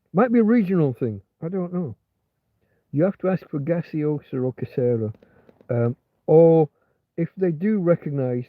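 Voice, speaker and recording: Male livestream host, meandering chatty delivery, slightly high voice, thin phone-like sound. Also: no room sound. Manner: meandering, many restarts and filler words. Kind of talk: rambling casual livestream chat.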